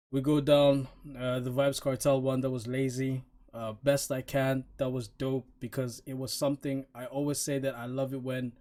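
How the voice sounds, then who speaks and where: A man's voice: medium pitch, a little mellow. A man giving a blunt, opinionated album review in a casual, dismissive way, with plenty of fillers and restarts.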